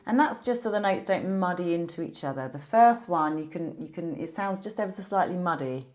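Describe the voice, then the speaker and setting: A woman with a slightly low voice teaches a beginner piano lesson. She walks through each symbol patiently, step by step, and explains it plainly. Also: animated, fairly quick. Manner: patient, explains clearly with examples.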